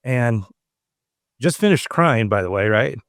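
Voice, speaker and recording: A man from Southern California hosting a podcast, telling a story in a casual, animated way and acting out quoted lines. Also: mid-range voice, measured pace, no echo, clean studio sound. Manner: animated, acts out quoted dialogue. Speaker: podcast host.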